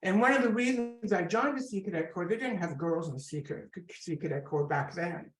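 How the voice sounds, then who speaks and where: A woman in her sixties with a Scottish accent, telling her story with lively asides in an interview. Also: lowish voice, fairly quick. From Scotland. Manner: chatty, animated storyteller with asides. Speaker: guest comedian. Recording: echoey room.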